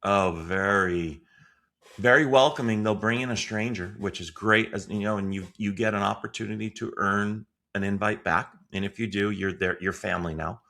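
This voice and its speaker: A man with a low voice full of gravelly fry, a sales consultant appearing as a podcast guest. He speaks in a confident, emphatic tone and drives home his advice in casual conversation. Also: moderate pace, pushed and bright. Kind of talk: casual interview chat.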